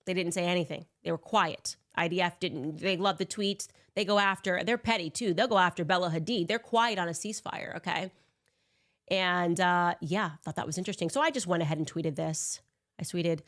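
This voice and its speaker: A woman delivering opinionated political commentary in a sarcastic, animated way. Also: fairly low pitch, a little fast. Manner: sarcastic, animated, mocks with put-on voices.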